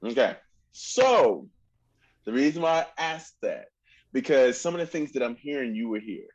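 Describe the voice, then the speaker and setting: A man's voice: mid-range voice, big pitch swings, moderate pace, muffled recording. A man coaching a student in a masterclass, singing phrases to demonstrate, exacting and encouraging. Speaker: oboe teacher.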